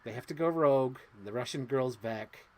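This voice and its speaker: A woman's voice: rumbling low, moderate pace, darkish tone. A woman co-hosting a casual movie podcast, talking animatedly and acting out scenes in quoted voices. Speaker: podcast co-host. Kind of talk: casual chat.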